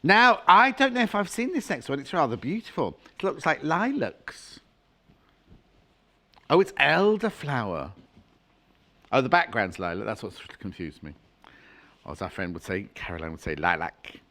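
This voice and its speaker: A man's voice: fairly high pitch, sing-song, normal speed, long pauses, sharp tone. A middle-aged man presenting fabrics on a live home-shopping channel, chatty and gushing with jokey asides.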